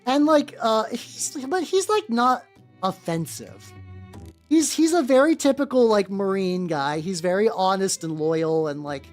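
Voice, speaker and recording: A woman streamer chatting casually as she paints miniatures, rambling and blunt, full of fillers and swearing, pausing to greet her chat viewers. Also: medium pitch. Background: faint background music.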